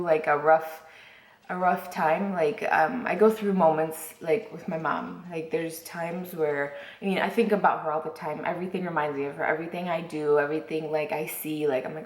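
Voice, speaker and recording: A woman's voice: lowish voice, moderate pace, roomy sound. A woman vlogger chatting casually to camera, rambling with lots of fillers and restarts.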